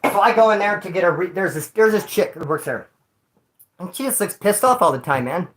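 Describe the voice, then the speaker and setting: A man telling a rambling story to a live chat in casual, slangy talk, swearing freely and jumping between loud bursts and low mutters. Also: lively intonation, a little fast, poor audio. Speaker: livestreamer.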